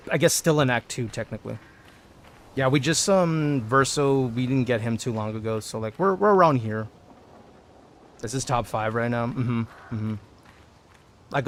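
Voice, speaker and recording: A man streaming a video game, chatting casually with his viewers and thinking aloud as he plays. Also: medium pitch. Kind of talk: casual gameplay commentary.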